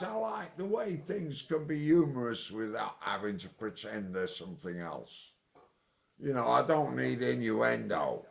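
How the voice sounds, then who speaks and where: A tipsy man delivering an angry, sweary, rambling monologue, with sudden loud outbursts. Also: medium pitch, sing-song, measured pace, creaky. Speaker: vlogger. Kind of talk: ranting monologue.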